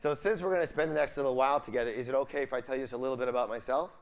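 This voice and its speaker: A man's voice: mid-range voice, racing. A man giving a live seminar, full of upbeat energy, constantly asking the audience questions and leaving the ends of his sentences for them to fill in. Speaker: seminar speaker.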